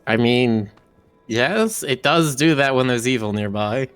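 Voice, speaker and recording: Male co-host, smooth clear voice, dry casual remarks, faint music behind. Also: mid-range voice, expressive, a little slow, a bit bright. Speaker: stream co-host. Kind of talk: casual game-stream chat.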